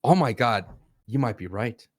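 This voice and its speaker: A man's voice: medium pitch, animated, moderate pace, a little mellow, no room sound, clean studio sound. A man co-hosting a podcast, arguing in casual banter with playful mock grief and bursts of stammering. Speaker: podcast co-host.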